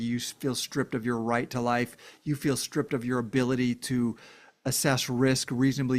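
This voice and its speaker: Male vlogger, earnest heartfelt monologue, emphatic, medium voice. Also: mid-range voice. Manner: earnest, emphatic, addresses viewers directly. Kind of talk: casual heartfelt monologue to camera.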